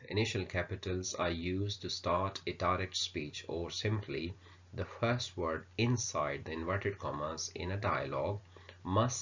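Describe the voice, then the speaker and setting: Man, very low voice, grammar teacher, hesitant with fillers, dull lo-fi sound. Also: a bit bright, husky. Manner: unhurried explaining with many fillers. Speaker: English teacher. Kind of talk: grammar lesson. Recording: dull lo-fi recording.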